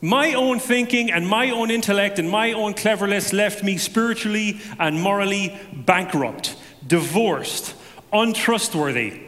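Guy sharing his testimony, lively and joking at his own expense, big echoey hall. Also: sits high, measured pace. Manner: animated storytelling with self-deprecating humor. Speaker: speaker giving a personal testimony. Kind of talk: conversational testimony to a congregation.

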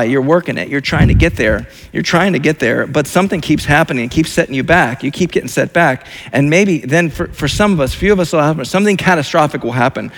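Gravelly, slightly high-voiced male preacher. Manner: repetitive, emphatic preaching with many restarts. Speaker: pastor. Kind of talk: sermon.

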